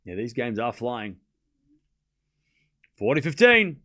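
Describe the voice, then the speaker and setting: A man's voice: medium pitch, sing-song, slow, sharp tone. A young man hosting a live tennis watchalong stream, mixing play-by-play with chatty joking asides. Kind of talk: live streamed match commentary.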